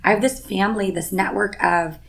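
A woman's voice: medium pitch, steady tone, brisk, creaky, fairly bright tone. A woman in casual podcast chat, earnest and upbeat, talking with lots of fillers.

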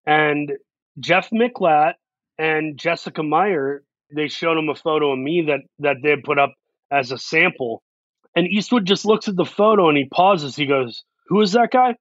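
A male actor being interviewed, telling a story in an animated way and acting out the quotes. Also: a little high, dry recording. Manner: animated, acts out quotes in quick voices. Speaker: actor guest. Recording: dull lo-fi sound.

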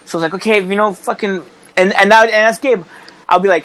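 A man's voice: high-pitched, fairly even intonation, brisk, a bit bright, low-quality recording. A man, a wrestler, chatting casually on a podcast, rambling with lots of restarts and swearing. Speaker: wrestler guest.

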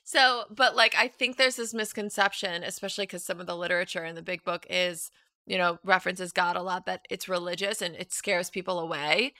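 A woman's voice: fairly low pitch, a little fast, no echo. Chatty woman telling a story. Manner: animated storyteller, acts out quotes, many "like" fillers. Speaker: guest. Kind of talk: casual chat, storytelling.

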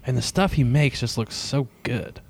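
A man's voice: mid-range voice, lively intonation, normal speed, creaky. A man co-hosting a podcast in casual chat, laughing often and swearing casually as he gushes. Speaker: podcast co-host.

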